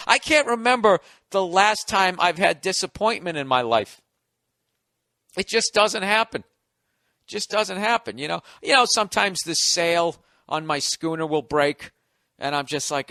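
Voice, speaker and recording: A man's voice: sits high, a little slow, pauses often, bright, forceful tone, no echo, studio quality. Sarcastic American man ranting on a podcast. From United States. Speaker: podcast host. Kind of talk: comedic podcast monologue.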